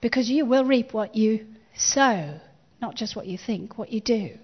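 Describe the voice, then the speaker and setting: A woman's voice: on the high side, expressive, a little slow, husky, muffled recording. A woman pastor preaching a sermon, building emphasis with repeated phrases and calling on the congregation to respond.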